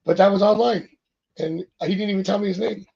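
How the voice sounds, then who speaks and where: Chatty male guest, high gravelly voice, rambling and acting out quoted lines. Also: brisk, darkish tone, lo-fi sound. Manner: rambling, acts out quoted dialogue. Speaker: psychic tarot reader, guest. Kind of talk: casual interview chat.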